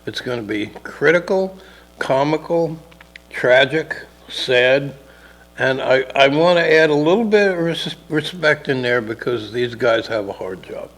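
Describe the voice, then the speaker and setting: Gravelly man telling a rambling story. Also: mid-range voice, unhurried, fairly bright tone, rough recording. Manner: rambling, acts out characters in dialogue. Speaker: podcast co-host telling a story. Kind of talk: casual storytelling chat.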